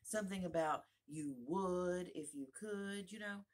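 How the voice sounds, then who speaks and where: A woman voicing a small, sad, gentle gnat with a soft little voice that speaks close to the ear, in a storybook reading. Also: on the low side, measured pace, lightly acted. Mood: teasing.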